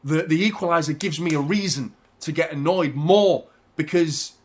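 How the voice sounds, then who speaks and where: A man hosting a live football watchalong, talking casually to his audience, often swearing and getting loud and frustrated about the match. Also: fairly high pitch, moderate pace. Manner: ranting, swearing, frustrated, shouting when excited. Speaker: football channel host.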